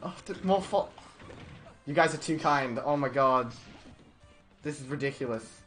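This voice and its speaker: Excitable young man streaming a game. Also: medium pitch, unhurried, soft background music. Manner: excitable, laughs often, stammers and restarts. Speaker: live streamer. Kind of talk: live gameplay stream commentary.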